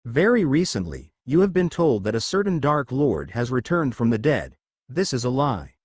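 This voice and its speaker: A man's voice: medium pitch, very animated, moderate pace, breathy edge, dry recording, clean studio sound. A man voicing a sugary, smug woman teacher in a read-aloud story, falsely friendly. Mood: sugary stern.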